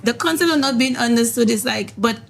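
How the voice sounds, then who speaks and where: A woman's voice: a little high, a little fast, gravelly. A woman on a podcast panel, raising questions and playfully mimicking others in casual chat.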